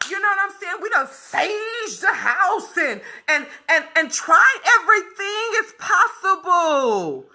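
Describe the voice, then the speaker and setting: A woman talks straight to her viewers in a candid, casual monologue. Her voice sits high and sounds bright and forceful. She leans into her words and repeats phrases to drive them home. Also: a little slow, few pauses. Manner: emphatic, repeats phrases for weight, animated. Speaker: vlogger speaking to her viewers.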